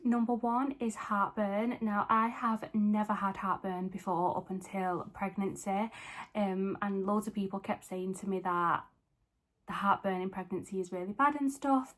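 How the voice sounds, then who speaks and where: Chatty woman vlogging. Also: medium pitch. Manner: chatty, candid, with frequent fillers. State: pregnant, short of breath. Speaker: fitness vlogger. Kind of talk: casual vlog talk to camera.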